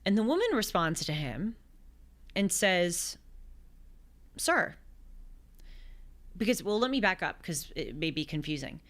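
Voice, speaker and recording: A woman in her twenties hosting a show, telling a gospel story in a lively conversational way with quick asides and acted quotes. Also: fairly low pitch. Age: 20s. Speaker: host. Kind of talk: conversational religious commentary.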